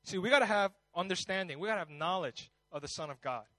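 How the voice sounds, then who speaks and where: A man preaching a sermon as a pastor, talking in a conversational way and telling stories with lively energy. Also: sits high, quick pace, no room sound, rough recording. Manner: conversational, animated storytelling.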